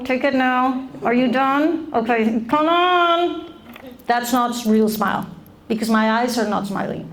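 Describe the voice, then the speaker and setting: A middle-aged woman giving a lively talk to college students, often putting questions to the audience. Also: a little high, gravelly, slight background noise. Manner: animated, asks the audience questions. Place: lecture room.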